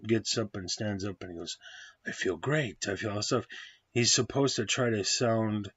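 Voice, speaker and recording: A low-pitched, husky man talks through a movie review in a loose, rambling way, correcting himself and swearing bluntly. The recording is dry and slightly dull, like a lo-fi home setup. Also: fairly bright tone, dry recording. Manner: rambling, digressive, with frequent fillers and self-corrections; blunt and profane. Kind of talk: casual spoken movie review.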